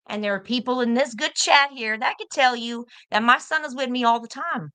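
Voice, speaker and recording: A woman's voice: fairly high pitch, brisk, few pauses, pushed and bright, smooth. A young American woman arguing heatedly on a livestream, confrontational and profane, hammering her points by repeating them. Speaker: livestream guest.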